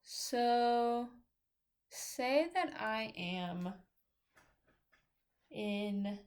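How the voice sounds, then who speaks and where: A woman lecturing on philosophy in a casual, hesitant way, often pausing with fillers and correcting herself, and audibly out of breath. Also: on the high side, animated, darkish tone. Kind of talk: informal recorded lecture.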